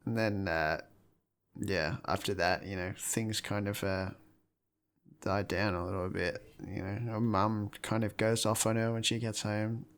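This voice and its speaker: A man co-hosting a casual film review podcast, retelling scenes with lively energy and frequent swearing. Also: on the low side, unhurried, smooth. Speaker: podcast co-host.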